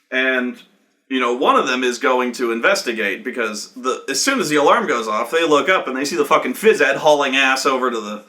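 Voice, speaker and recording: A man's voice: mid-range voice, pushed and bright. A man who ran a tabletop game telling a story from it in a casual, profane, rambling way, with many false starts.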